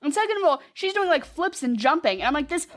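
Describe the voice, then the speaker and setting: Woman, podcast co-host, casual chat, animated, swears freely, fairly high voice. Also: fast. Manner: animated, swearing, jumps high when excited.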